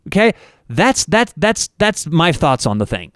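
A man's voice: on the high side, sing-song, unhurried, fairly bright tone, no room sound, clean studio sound. A man hosting a podcast, delivering an opinionated, emphatic monologue full of rhetorical questions. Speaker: podcast host and network owner.

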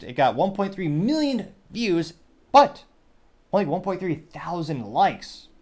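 A man hosting a news commentary podcast, talking in a wry, digressive way with joking asides. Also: medium pitch. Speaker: podcast host.

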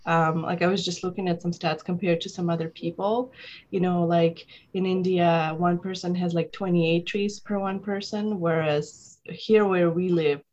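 A woman's voice: lowish voice, steady tone, moderate pace, darkish tone, highs cut off. A woman co-hosting a podcast, chatty and enthusiastic in her asides. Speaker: podcast co-host. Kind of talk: casual podcast conversation.

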